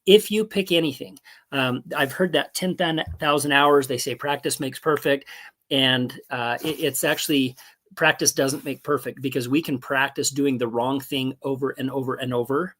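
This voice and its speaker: A man's voice: medium pitch, fairly even intonation, normal speed, a bit bright. Earnest man in his seventies. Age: 70s. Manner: earnest, encouraging, folksy. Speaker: guest speaker. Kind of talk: casual motivational talk.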